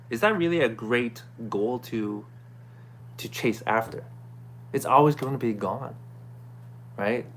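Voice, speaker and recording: A man talks straight to his viewers in a relaxed, unscripted way as he sums up a self-help course. He keeps checking in with "right?" and "okay?" and clears his throat now and then. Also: mid-range voice, a little hiss or hum. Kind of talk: casual talking-to-camera recap.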